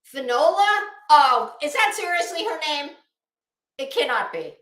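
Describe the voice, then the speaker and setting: A high-pitched woman with a bright, edgy voice hosts a live commentary stream. She rambles in a blunt, sarcastic way and greets chat viewers between points. Her voice rings in an echoey room. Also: sing-song, unhurried.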